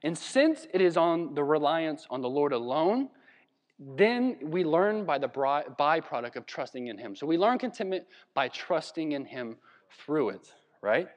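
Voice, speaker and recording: A man from Virginia preaching a sermon in a conversational, animated way, with laughs and asides. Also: on the high side, a little slow, in a large hall. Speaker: pastor. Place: church hall.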